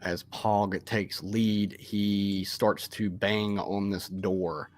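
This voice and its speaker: A man's voice: fairly low pitch, fairly even intonation, very slow. A man, casually narrating a tabletop game as game master. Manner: casual, lots of fillers.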